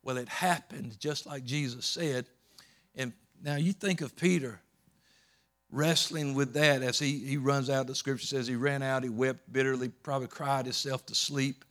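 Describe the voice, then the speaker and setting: A man preaching a sermon, swinging between loud emphatic peaks and low soft storytelling, often repeating words and restarting. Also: fairly even intonation, normal speed. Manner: rising to loud emphatic peaks, then dropping low and soft while retelling scripture.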